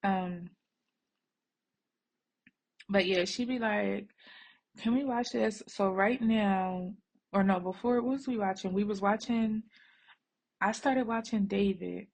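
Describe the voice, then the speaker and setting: A woman's voice: medium pitch, measured pace, creaky, long pauses, a little mellow. A woman vlogging at home while she braids her daughter's hair, chatting to viewers in a rambling, easygoing way and calling them y'all. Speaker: vlogger and mother. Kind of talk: casual chat to viewers. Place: home, working on a bed.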